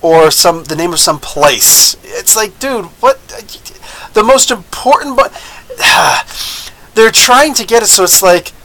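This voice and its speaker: American man, show host, rambling casual review, animated, fairly high voice. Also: unhurried, poor audio. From United States. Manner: animated, rambling, with frequent laughs and mock voices. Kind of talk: live casual TV episode review.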